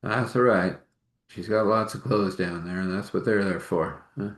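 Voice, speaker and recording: Brief: man with a lowish voice, casual spoken storytelling, halting and rambling. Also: fairly bright tone. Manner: halting, rambling, with many restarts and fillers.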